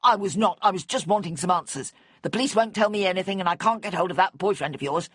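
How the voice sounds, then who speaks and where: A grieving, resentful man, blunt and snappish, as a woman reader plays him. The voice sits fairly low with a husky, breathy texture. The storybook recording is close and dry. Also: expressive, fast talker, no room sound. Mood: angry. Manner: curt, bitter and snappish.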